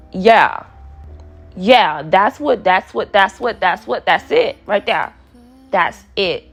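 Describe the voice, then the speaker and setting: Woman in her 20s, podcast host, gravelly fry, lively swooping pitch, faint music behind. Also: measured pace. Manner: chatty and playful, riffing and laughing. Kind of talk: casual solo podcast chat.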